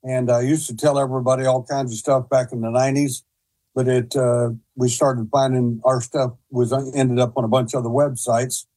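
A man's voice: medium pitch, flat delivery, fairly quick, warm tone, husky, rough recording. A man who is a guest on a talk show, telling rambling stories with many hesitations and restarts. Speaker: guest investigator. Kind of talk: casual storytelling.

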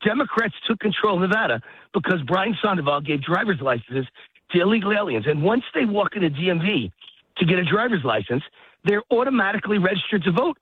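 A man's voice: high voice, slightly rough, dry recording. A man talking heatedly over the phone while out of breath from walking his dog outdoors, ranting with emphatic repetition. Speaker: guest commentator. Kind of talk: phone-in political talk. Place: outdoors in a park. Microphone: phone line. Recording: tinny phone line, dry.

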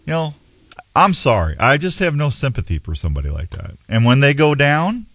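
A man's voice: mid-range voice, huge pitch swings, fairly quick, gravelly, a bit bright. A man hosting a radio show in casual chat, joking and opinionated.

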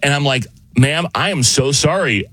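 An American man telling a long, animated story in casual podcast chat, acting out the dialogue and laughing as he goes. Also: medium pitch, normal speed, no room sound. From United States.

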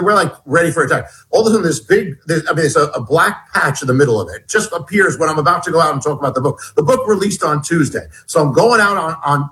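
A middle-aged man telling a personal story as a guest, animated and halting, with many restarts. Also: on the high side, rough recording. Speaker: guest author. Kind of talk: storytelling in an interview.

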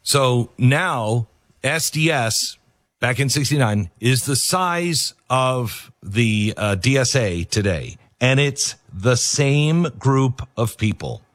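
A man's voice: mid-range voice, fairly bright tone, no room sound. A man delivering a political opinion monologue, emphatic and repetitive, with frequent fillers and restarts. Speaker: political commentator.

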